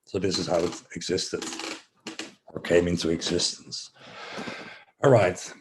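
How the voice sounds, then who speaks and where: A man from the Netherlands leading a guided breathing session, giving slow, soothing instructions with some relaxed, rambling asides. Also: low-pitched, background noise. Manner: relaxed, rambling, self-joking.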